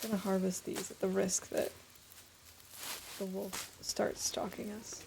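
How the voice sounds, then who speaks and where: A woman's voice: mid-range voice, level tone, unhurried, vocal fry, noisy background. A woman streamer giving casual, chatty commentary while playing a game, thinking aloud as she goes.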